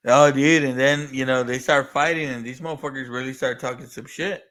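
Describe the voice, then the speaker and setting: A man's voice: medium pitch, fairly even intonation, a little fast, a bit bright. A man co-hosting a casual movie podcast, swearing freely, laughing a lot and rambling loosely. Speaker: podcast co-host.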